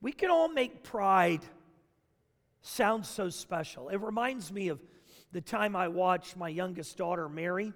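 A man preaching a sermon as pastor, dramatic, swinging between loud bursts and hushed asides. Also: high voice, lively intonation, measured pace. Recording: long reverb of a large hall.

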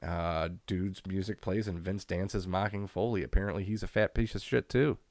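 Deep-voiced man recapping wrestling, laughing. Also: steady tone, moderate pace, a little mellow. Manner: laid-back, profane, laughs often while recapping. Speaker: podcast co-host. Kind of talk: casual wrestling recap chat.

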